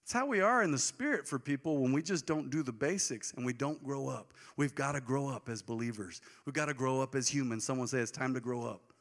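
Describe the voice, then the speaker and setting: Bright-voiced pastor in his forties. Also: mid-range voice, brisk, few pauses, big-room sound. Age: 40s. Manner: conversational, joking, with bursts of emphasis. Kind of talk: sermon.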